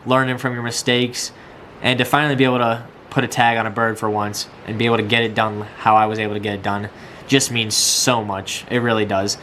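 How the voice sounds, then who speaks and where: A young man from Iowa vlogging about a hunt outdoors, excited and rambling, out of breath, with camera audio. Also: on the low side, a little fast, a little hiss or hum. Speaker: hunting vlogger. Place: outdoors in a field.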